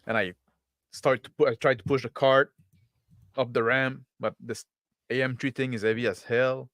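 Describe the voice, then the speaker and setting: A man's voice: medium pitch, fairly even intonation, moderate pace, pauses often, fairly bright tone, no echo, clean studio sound. Blunt, cursing man at a game table. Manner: swears freely, blunt. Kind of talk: in-character roleplay at a game table.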